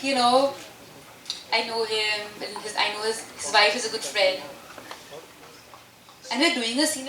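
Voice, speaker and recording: A woman speaking casually at a press meet, animated and chatty, answering questions with frequent laughter. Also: on the high side, a little hiss or hum. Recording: echoey hall from far off.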